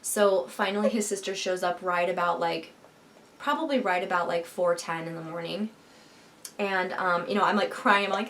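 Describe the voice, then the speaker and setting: A woman's voice: lowish voice, moderate pace, a bit bright, a little hiss or hum. Chatty woman recounting a birth story. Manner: rambling, many fillers and restarts, emotional retelling. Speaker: vlogger telling her birth story. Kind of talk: casual storytelling.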